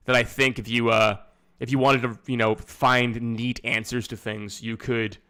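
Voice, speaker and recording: A man's voice: mid-range voice, fairly bright tone. A man with a Nova Scotian accent chatting casually on a live stream, rambling with lots of fillers and casual swearing. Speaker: streamer reacting to videos.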